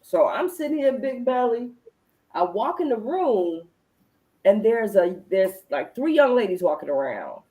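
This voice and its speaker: A woman hosting a casual adult chat, telling stories in an animated way, acting out her own reactions and swearing freely. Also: on the high side, a little slow, rough recording. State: recalls being pregnant at the time, not now. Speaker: podcast host.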